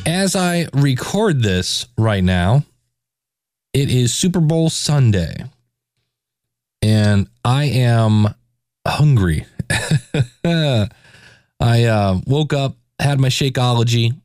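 A man's voice: mid-range voice, lively intonation, drawn-out words, long pauses, darkish tone, no room sound, studio quality. A man in his forties hosting a casual solo podcast, talking in a self-deprecating, joking way. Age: 40s. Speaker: podcast host.

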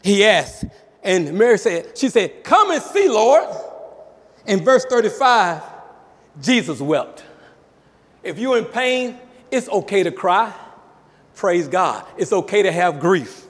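Brief: high-pitched male pastor, emphatic preaching, sermon echoing through a church hall. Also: lively intonation, slow pace, long pauses. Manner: emphatic preaching with call-outs and rising shouts.

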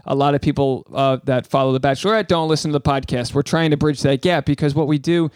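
A man from New England co-hosting a casual podcast chat, rambling and animated, joking at his own expense. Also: fairly high pitch, fast, clean tone, no room sound, studio quality. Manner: rambling, animated, self-mocking. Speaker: podcast co-host. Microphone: studio microphone.

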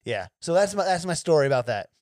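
A man's voice: on the high side, big pitch swings, a little mellow, dry recording. Rambling male podcast host, dry sound. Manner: rambling, full of "like", quick to agree. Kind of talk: casual chat.

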